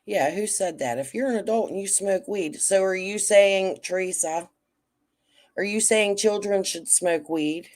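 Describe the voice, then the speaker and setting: A woman's voice: mid-range voice, unhurried, a little mellow. A woman hosting a casual livestream, chatting bluntly and cussing freely with her viewers. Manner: blunt, profane, talks straight to chat. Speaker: livestream host.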